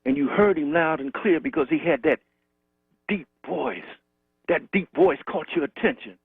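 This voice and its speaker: A man calls in to a talk show to pay tribute to a friend, recalling him through rhythmic, repetitive storytelling. His voice is on the high side and slightly rough at a normal speed, coming through a tinny phone line in a dry recording.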